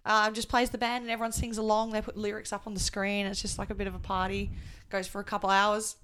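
A woman co-hosts a podcast in easy, jokey chat, often laughing. Her voice is slightly husky and cracking today. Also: medium pitch, little pitch movement, fast, fairly bright tone, a little hiss or hum. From Australia. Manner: jokey, giggly, chatty. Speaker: podcast co-host. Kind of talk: casual chat.

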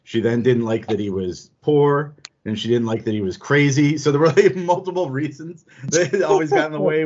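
A man's voice: a little high, fairly quick, darkish tone. Chatty man on a lo-fi podcast. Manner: rambling, self-correcting, chuckles often. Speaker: podcast panelist. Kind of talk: casual chat. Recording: dull lo-fi audio.

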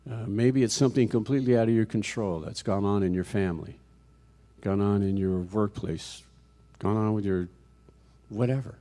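Speaking at a moderate pace with fairly even intonation, a middle-aged guest preacher addresses a church congregation in a mellow, lowish voice. His sermon is conversational, marked by frequent restarts and rhetorical questions to the people in the pews.

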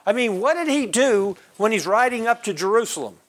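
High-voiced man teaching a Bible class. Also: animated, brisk. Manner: questions the class and calls on members by name.

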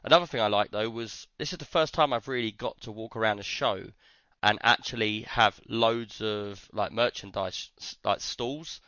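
A man's voice: on the low side, moderate pace, clean tone, no echo, highs cut off. A man, chatting casually on a podcast and acting out the lines of people in his stories. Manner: animated storyteller, acts out others' lines. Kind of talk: casual chat.

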